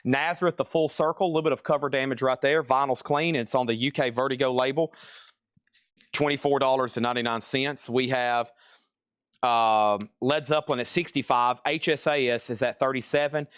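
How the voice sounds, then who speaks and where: A man running a live record sale, calling out items, bids and prices in a brisk, chatty way. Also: mid-range voice, steady tone, fairly bright tone, smooth, no room sound, studio quality.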